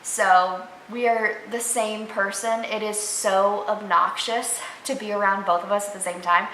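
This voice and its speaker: A woman's voice: medium pitch, steady tone, a little slow, a bit bright. A young woman vlogging casually about her pet rabbit, chatty and gushing. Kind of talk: casual pet tag vlog. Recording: echoey room, faint noise.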